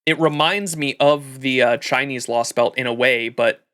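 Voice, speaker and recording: A man's voice: mid-range voice, normal speed, sharp tone. A young man streaming a game live, chatting casually, laughing and reading dialogue aloud. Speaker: gaming streamer. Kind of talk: live game playthrough commentary.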